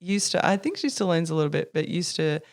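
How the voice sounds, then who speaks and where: Bubbly Australian woman with a gravelly edge. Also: fairly low pitch, lively intonation, quick pace. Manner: bubbly, laughs often, acts out quotes. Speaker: sommelier guest. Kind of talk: casual podcast chat.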